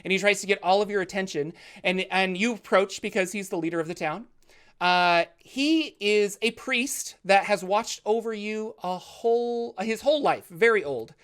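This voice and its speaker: A woman narrating a tabletop game as game master in an animated storytelling manner. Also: medium pitch, normal speed, smooth.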